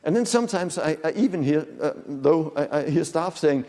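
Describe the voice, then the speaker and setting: A man giving a conference lecture to an audience, lively and demonstrative, often asking the room questions. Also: fairly high pitch, normal speed. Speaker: conference speaker. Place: conference hall. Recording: long hall reverb.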